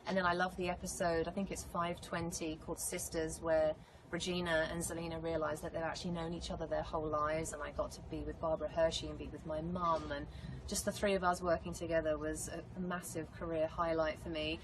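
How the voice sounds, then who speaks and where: A woman with an English accent, an actress answering fan questions in a casual, animated live chat. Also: deep voice, a little fast. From England. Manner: bubbly, animated storytelling. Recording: noisy live stream audio.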